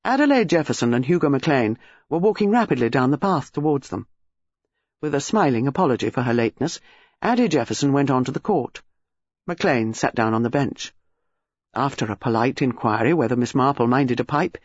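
Guy reading a novel aloud, expressive, husky, kinda lo-fi dry sound. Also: mid-range voice, brisk, dry recording. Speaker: audiobook narrator. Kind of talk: scripted narration. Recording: dry slightly dull studio sound.

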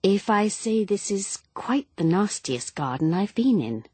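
A woman voicing a superstitious, gloomy young wife in an audiobook, speaking softly and earnestly. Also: mid-range voice, big pitch swings, measured pace, husky, no echo, voice pushed up. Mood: wry. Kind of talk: audiobook character reading.

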